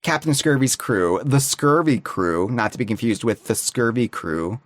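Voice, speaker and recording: A man hosting a casual fan podcast, talking in an animated, emphatic way. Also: mid-range voice, normal speed, dry recording. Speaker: podcast host.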